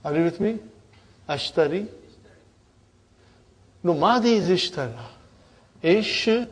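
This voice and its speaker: A man's voice: on the high side, expressive, measured pace, husky. A middle-aged man teaching an Arabic grammar class, drilling forms and often checking whether the students follow. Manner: prompting students with "huh?".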